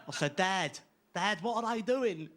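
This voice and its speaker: A British male stand-up comedian telling stories in a slow, chuckling delivery. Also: high-pitched, expressive, fairly bright tone, slight background noise. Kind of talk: stand-up storytelling. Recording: live stage recording with audience.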